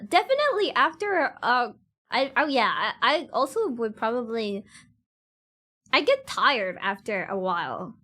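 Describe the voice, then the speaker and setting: Giggly high-voiced woman streamer. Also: fairly bright tone. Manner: giggly and chatty, laughs often; loose, slightly non-standard grammar. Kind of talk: casual chat with stream viewers.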